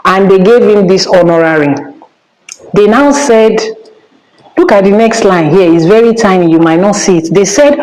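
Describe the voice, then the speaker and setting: A woman's voice: medium pitch, normal speed, a little mellow, reverberant, poor audio. A Nigerian woman with a Nigerian accent, giving a spiritual teaching as an Ifá priestess in an emphatic, scolding manner and dropping in Yoruba phrases.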